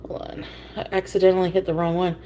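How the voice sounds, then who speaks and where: A woman's voice: fairly low pitch, level tone, fast, dark tone. A woman livestreaming from home, greeting chatters by name and ranting bluntly with plenty of cursing. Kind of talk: livestream rant reading chat.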